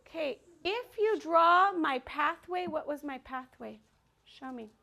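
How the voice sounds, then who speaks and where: A high-voiced woman leads a children's dance class in a classroom. She talks with lively energy, coaxing the kids along and counting the rhythm aloud. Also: slow, vocal fry. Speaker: dance teacher.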